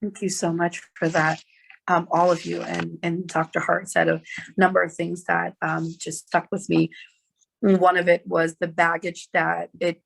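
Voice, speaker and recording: A moderator thanking the panel and summarizing their points in a measured way before moving on. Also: medium pitch, gravelly, a bit bright.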